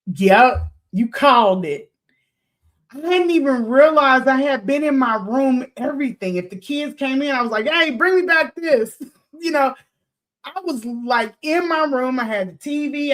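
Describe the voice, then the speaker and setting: A woman spins a story for her listeners. Her voice sits a bit high, and she talks loosely and animatedly, swearing here and there and acting out what everyone said. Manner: animated, swears freely, laughs, acts out quotes. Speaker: podcast host.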